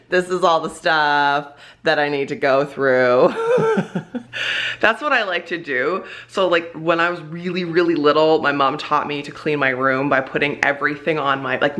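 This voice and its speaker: A woman's voice: low voice, fairly bright tone. A young woman vlogging casually at home, chatting with lots of fillers and frequent laughs. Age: young adult. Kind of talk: casual home vlog chat. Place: home, indoors.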